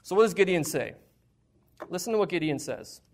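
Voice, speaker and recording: High-voiced, emphatic male preacher. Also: lively intonation, brisk. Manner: conversational, emphatic, rhetorical questions; shares personal struggles openly. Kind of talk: sermon.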